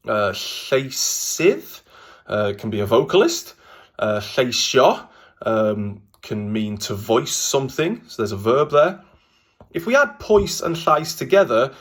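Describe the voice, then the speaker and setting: A man with a Welsh accent teaching a language lesson in a relaxed, chatty way, often pausing with ums and uhs. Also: medium pitch, slightly rough. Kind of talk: casual explanatory language lesson.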